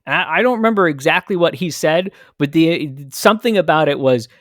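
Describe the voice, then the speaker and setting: A man's voice: a little high, lively intonation, fairly quick, a bit bright, dry recording, studio quality. A man hosting a podcast, telling a candid, reflective story about his own childhood. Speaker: podcast host. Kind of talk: personal storytelling monologue.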